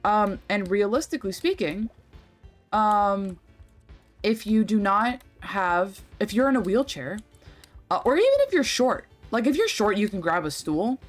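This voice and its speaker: A woman's voice: medium pitch, very animated, a little slow, faint music behind. A young woman streaming a game, rambling and chatty, swearing freely as she talks. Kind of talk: casual livestream chat while gaming.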